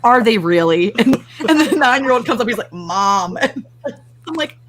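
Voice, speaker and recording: A woman's voice: fairly high pitch, a little slow, a little hiss or hum. A woman on a livestream chat, a YouTuber and mother. She tells family stories and acts out the dialogue with lots of laughter. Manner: animated storyteller acting out family dialogue.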